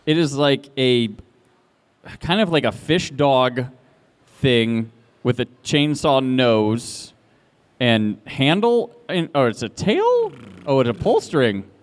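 A man's voice: mid-range voice, sing-song, takes it slowly. A man hosting a live game show on a convention stage, chatty and laughing, with stumbling restarts, speaking into a handheld mic. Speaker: podcast host running a live game.

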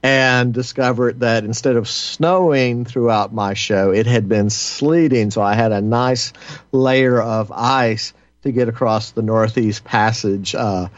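A man filling in as a radio host, talking in a halting monologue full of filler pauses, with a sardonic edge. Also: medium pitch, steady tone, dry recording. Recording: dry, slightly muffled lo-fi sound.

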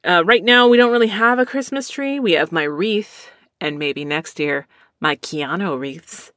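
A woman's voice: fairly low pitch, a little slow, a bit bright, dry recording, studio quality. A woman with a lisp, chatting casually and rambling as a streamer reads out viewer comments, laughing often. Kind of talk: casual chat.

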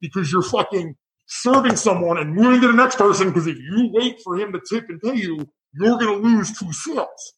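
Male bartender, high voice, profane animated storyteller. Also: moderate pace, poor audio. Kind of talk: casual storytelling chat.

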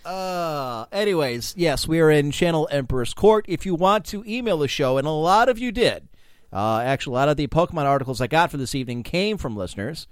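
A man's voice: fairly high pitch, lively intonation, brisk, smooth, no room sound, clean studio sound. A man co-hosting a podcast in casual, profane chat, crude and sarcastic. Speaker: podcast co-host.

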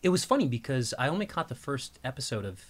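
A man, an actor guest on a podcast, chatting in a joking way with halting restarts. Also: mid-range voice, very animated. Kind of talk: casual chat.

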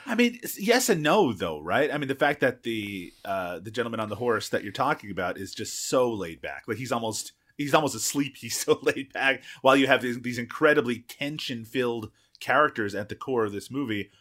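A man's voice: medium pitch, a little fast, few pauses. Easygoing man discussing films. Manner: relaxed, laughs easily, hedges with "you know". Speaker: podcast co-host. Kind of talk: casual film review chat.

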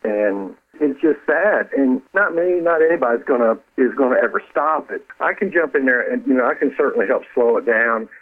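Male author guest, earnest and halting, heard over a tinny phone line. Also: mid-range voice, animated. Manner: earnest, halting, repeats words. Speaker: author and former counselor, guest. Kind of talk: radio interview over the phone.

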